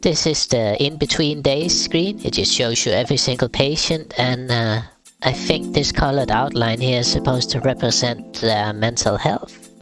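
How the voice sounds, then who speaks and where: A man's voice: mid-range voice, normal speed, music in the background. A man streaming a game live, with casual, wry, rambling commentary.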